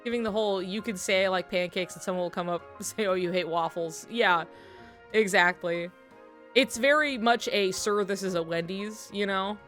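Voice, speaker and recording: A woman streamer chatting while she draws, her voice at an ordinary middle pitch. She rambles through a story with plenty of "like" and "um," breaking into laughter. Faint music plays behind her. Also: normal speed, fairly bright tone. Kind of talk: casual storytelling to stream chat. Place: home streaming setup while drawing.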